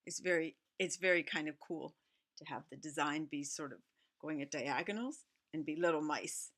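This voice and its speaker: A middle-aged woman reading a picture book aloud, chatting and musing between lines and playing the animal sounds. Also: low voice. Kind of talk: casual read-aloud with asides.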